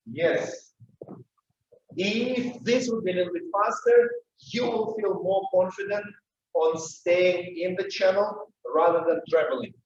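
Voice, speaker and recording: A high-pitched man with a Russian accent coaches a dance class, his voice going hoarse as he calls the steps with urgency. He speaks slowly and deliberately between the counts. The sound is dull and echoey, picked up from a distance in a big room. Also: slight background noise. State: losing his voice. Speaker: dance teacher.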